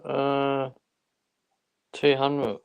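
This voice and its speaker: A man's voice: medium pitch, completely flat delivery, extremely slow, creaky, smooth, dull audio. A man, a guest on a casual podcast, laid-back and grumbling about the quiz. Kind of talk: casual chat.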